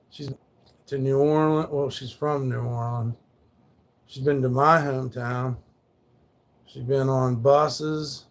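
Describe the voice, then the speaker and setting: Gravelly, rambling, profane man livestreaming. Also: medium pitch. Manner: rambling, profane, laid-back. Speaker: live streamer. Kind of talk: casual livestream storytelling.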